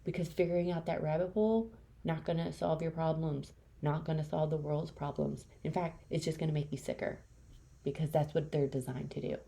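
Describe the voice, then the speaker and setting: A woman's voice: low-pitched, steady tone, fairly quick, gravelly, warm tone. A woman hosting a solo podcast, talking candidly and bluntly, swearing freely and dropping into whispers mid-rant. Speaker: podcast host.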